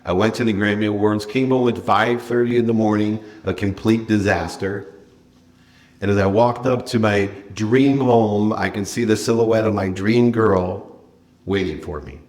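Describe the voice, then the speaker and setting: A man giving a motivational keynote at a conference, telling a personal story with dramatic swings from loud bursts to hushed confession. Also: lowish voice, moderate pace. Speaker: keynote speaker. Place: conference stage.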